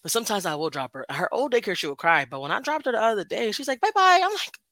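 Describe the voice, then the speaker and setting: Lively, bright-voiced woman podcast host. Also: mid-range voice, rapid-fire, dry recording. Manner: animated storytelling, acting out quotes with laughs. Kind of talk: casual chat.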